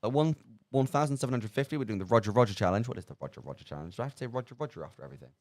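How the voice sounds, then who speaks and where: Racing along at medium pitch with lively intonation and a darkish tone, a man hosts a live charity radio stream into a studio microphone in a small studio. His casual chat is rambling, self-mocking and full of fillers, with no echo.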